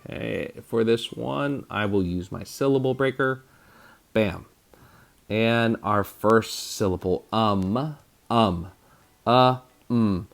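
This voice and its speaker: Guy teaching kids spelling, slow and a bit gravelly, sounds out each letter. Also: on the low side. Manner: energetic, sound effects like bam. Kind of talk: spelling lesson for children.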